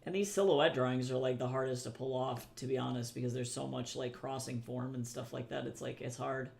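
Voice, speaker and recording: A man's voice: mid-range voice, steady tone, fairly quick, creaky, a little mellow, slight background noise. A young man who draws comics on a livestream, chatting casually, thinking aloud as he works and answering his chat. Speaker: comic artist streamer.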